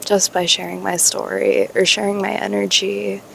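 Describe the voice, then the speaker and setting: A young woman talking candidly to her viewers in a vlog, musing slowly, laughing and swearing casually. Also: mid-range voice, level tone, gravelly, fairly bright tone, a little hiss or hum. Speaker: spiritual YouTuber.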